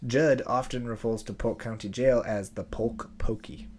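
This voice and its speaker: A man's voice: mid-range voice, moderate pace. A man co-hosting a casual podcast, reading out odd news stories with laughs and stumbling restarts. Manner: animated, trails off in restarts and laughs. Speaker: podcast co-host, pastor.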